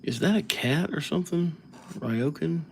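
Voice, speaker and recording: A man's voice: a little high, lively intonation, normal speed, slight background noise. A man hosting a live calligraphy stream, chatting casually and rambling as he thinks aloud between names. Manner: rambling, easygoing, thinks aloud while writing. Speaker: livestream calligraphy host.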